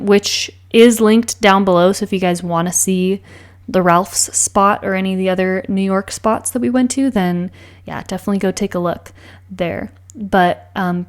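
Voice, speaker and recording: Chatty young woman gushing as a vlogger. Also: mid-range voice. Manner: chatty, gushing, many fillers. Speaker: planner vlogger. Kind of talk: casual vlog voice-over.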